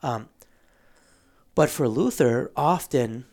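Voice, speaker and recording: Man explaining, clearing his throat often. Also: medium pitch, animated, takes it slowly, a little mellow. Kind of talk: casual theological discussion.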